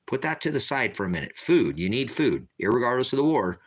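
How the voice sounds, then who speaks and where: A man preaching on a livestream, ranting forcefully and repeating himself. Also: mid-range voice, big pitch swings, a little fast. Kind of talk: heated livestream rant.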